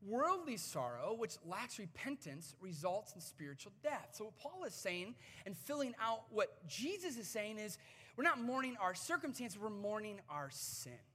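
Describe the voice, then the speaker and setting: A man in his thirties preaching to a congregation from a stage microphone, talking in a conversational, animated way with touches of humor. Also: high-pitched, normal speed. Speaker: pastor. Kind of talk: sermon. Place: church sanctuary before a congregation. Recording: reverberant church hall.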